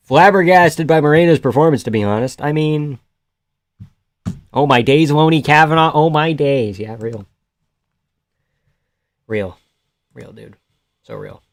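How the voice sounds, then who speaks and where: A man hosting a live stream, giving casual reaction commentary on the fights and chatting with his viewers, shifting from loud excited outbursts to laid-back banter. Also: medium pitch, dry recording.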